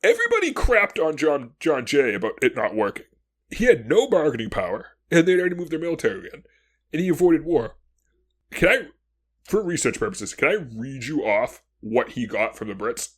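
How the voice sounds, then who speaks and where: A husky male co-host on the high side brings energy to a casual history chat, playing historical characters in quick asides and laughing often.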